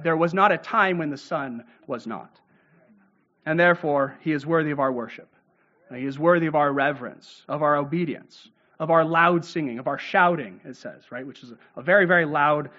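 Guy preaching a sermon, kinda high voice, dull lo-fi recording, lots of uh and right?. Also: fairly bright tone. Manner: expository, frequent "uh" and "right?". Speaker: pastor.

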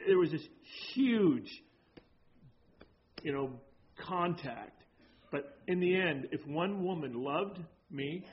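High-voiced preaching man, dull recording. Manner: storytelling, animated, rising to emphatic preaching. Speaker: pastor. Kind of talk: sermon with personal story.

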